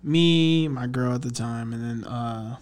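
A man co-hosting a podcast, chatting casually in a relaxed, rambling way with laughing asides. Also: medium pitch, a little slow. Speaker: podcast co-host. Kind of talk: casual chat.

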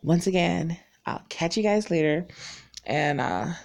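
A woman's voice: on the low side, expressive, unhurried, creaky, a little mellow. A woman around forty from North Carolina, raised in Virginia, chatting casually and frankly to her viewers, rambling and laughing often. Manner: frank and self-deprecating. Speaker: vlogger.

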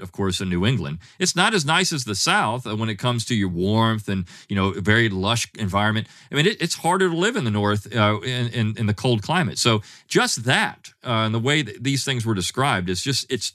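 A man speaking as a guest historian in a podcast interview, animated, with frequent restarts and fillers. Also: lowish voice, no room sound, studio quality.

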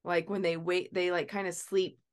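A woman's voice: lowish voice, little pitch movement, normal speed. A woman hosting a podcast, chatting casually with short agreeing replies and hesitant asides. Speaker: podcast host.

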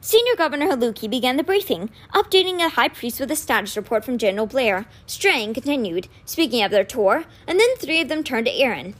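A woman reading a children's novel aloud with expressive storytelling. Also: high-pitched, a little fast, hardly any pauses. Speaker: reader.

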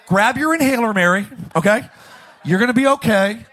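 A man voicing Jesus as a grown man gently calming a breathless woman. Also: very high voice, moderate pace, poor audio. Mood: soothing. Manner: gentle, coaxing.

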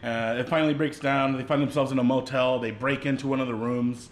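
A young man co-hosting a podcast, calmly retelling a film's scenes in casual speech with some swearing. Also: medium pitch, brisk. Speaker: podcast co-host. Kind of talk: casual movie recap.

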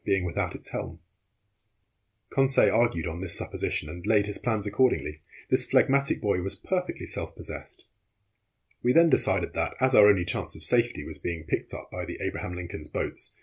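A man with a husky voice reading a novel aloud as audiobook narrator, in a measured, steady way. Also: lowish voice. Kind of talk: scripted narration.

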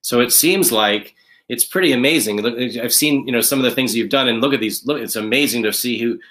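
A man hosting a live online interview, his pitch sitting in a typical middle range. He rambles and repeats himself in an upbeat tone as he keeps things moving between guests. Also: a little fast, fairly bright tone. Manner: rambling, repetitive, upbeat promoting. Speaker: host of a leadership interview series.

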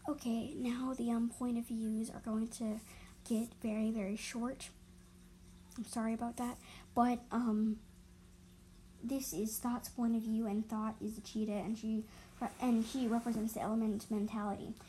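A woman narrating a homemade animal story off the cuff, pausing with ums and correcting herself. Her voice sits a little high, with faint noise in the background. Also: little pitch movement, mellow, poor audio. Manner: hesitant, full of fillers and self-corrections.

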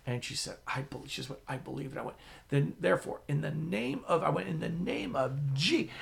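A man preaching a sermon as the pastor, telling stories with sudden drops to a whisper and swells of loudness. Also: fairly high pitch, brisk, vocal fry. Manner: animated storytelling, drops to a whisper and swells loud.

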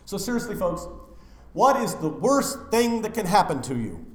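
A man preaching a funeral sermon as pastor, swinging from loud declarations to hushed, near-whispered lines. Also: sits high, very animated, normal speed, echoey room.

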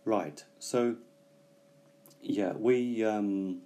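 A man teaching English vocabulary, explaining slowly and carefully with frequent pauses. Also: on the low side, warm tone. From Britain. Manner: slow, careful explanations with hesitations. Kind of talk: bilingual language lesson.

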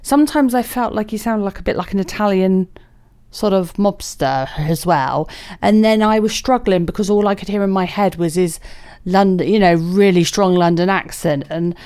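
A woman's voice: mid-range voice, moderate pace, clear, resonant tone. Chatty woman co-host, easygoing. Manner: chatty, warm, fond asides. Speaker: radio co-host. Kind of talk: casual film review chat.

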